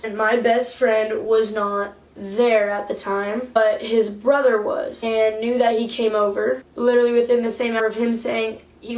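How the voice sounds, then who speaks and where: Young female vlogger, confessional storytime, heated and rambling, a bit high-pitched, recorded in a roomy space. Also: far from the mic. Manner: rambling, heated retelling full of "like". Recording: echoey room, voice away from mic.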